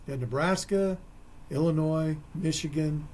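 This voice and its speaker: A man's voice: fairly high pitch, a little slow, a little mellow, a little hiss or hum. A man co-hosting a local sports radio show, talking casually with folksy, rambling asides.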